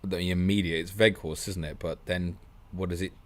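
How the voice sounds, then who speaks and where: A man hosting a live stream, reading out viewer questions and answering them in quick, chatty bursts. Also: deep voice, fairly even intonation. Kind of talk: fast casual live-stream Q&A.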